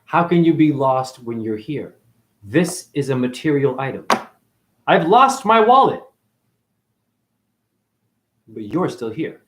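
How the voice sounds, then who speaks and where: A man livestreams a rambling spiritual rant straight to his live chat, swearing plenty along the way. His mid-pitched voice is expressive at a normal speed, leaping into loud, high outbursts and sinking into low mutters. The sound suggests a home webcam or phone mic.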